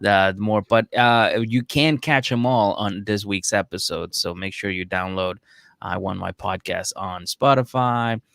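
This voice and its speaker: A man's voice: lowish voice, unhurried, vocal fry, dry recording. Casual, dry-sounding podcast host man. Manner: animated storyteller, acts out quotes, swears.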